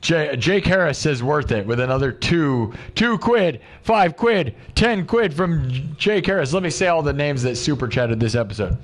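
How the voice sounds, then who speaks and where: Chatting on his livestream, a young host rambles in a loose, excitable way, dropping "dude" and "like" constantly. His voice sits in the mid range, and he rattles off a fast list of supporters' names.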